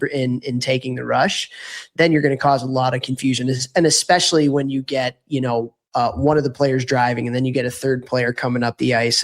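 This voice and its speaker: A man co-hosting a podcast, chatting casually about hockey tactics and correcting himself often as he explains. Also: medium pitch. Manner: rambling, self-correcting, explanatory. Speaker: podcast co-host.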